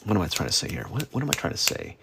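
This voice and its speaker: A man's voice: lowish voice, huge pitch swings, racing, gravelly, a bit bright, a little hiss or hum. A man chatting casually on a livestream while drawing, rambling, stuttering and putting himself down. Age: adult. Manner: rambling, self-deprecating, stuttering. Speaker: streaming artist.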